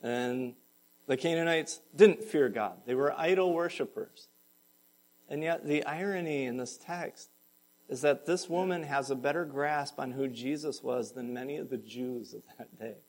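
A male pastor preaching a sermon to his congregation, moving from calm explanation to raised, impassioned pleading. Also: mid-range voice, a little slow, rough recording.

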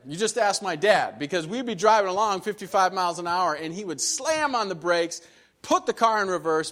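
A Midwestern man gives a sermon as a visiting missionary, his voice sitting a little high for a man. He talks in a folksy, conversational, self-deprecating way, as if chatting with friends from the pulpit of a church. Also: a bit bright. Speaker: missionary preacher. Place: church sanctuary.

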